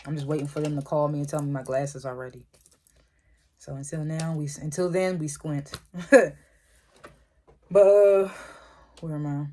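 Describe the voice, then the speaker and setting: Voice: medium pitch, steady tone, moderate pace, mellow. Chatty laughing TV recap reviewer. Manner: chatty, laughs often, retells scenes with "he was like". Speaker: TV episode reviewer. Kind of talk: casual spoken recap review.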